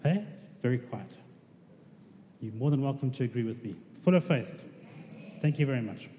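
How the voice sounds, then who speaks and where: Man, sermon, very dark mellow voice, reverberant hall. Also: mid-range voice, expressive, normal speed, highs cut off. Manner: conversational, asks the congregation questions. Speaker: preacher. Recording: reverberant hall with faint noise.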